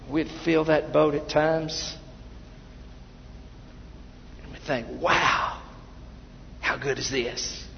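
A fairly high-voiced man preaching to his congregation in a folksy, conversational way, circling back and restarting his sentences as he tells stories. His voice carries a long echo through the church sanctuary. The recording is dull and muffled, with a faint hum underneath. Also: creaky. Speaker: pastor. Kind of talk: sermon.

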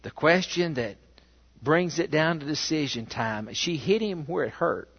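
Male pastor, unhurried, storytelling sermon; reverberant, muffled church recording. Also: a little high, breathy edge. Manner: animated storytelling with rhetorical questions. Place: church sanctuary. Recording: echoey, dull church recording.

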